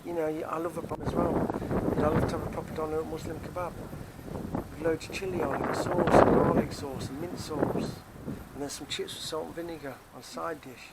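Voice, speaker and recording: Outdoors near a car park, a vlogger with Nottingham English talks in a casual, rambling monologue, often repeating himself. His voice is on the high side, his delivery flat and brisk, and heavy background noise surrounds him. He is from England.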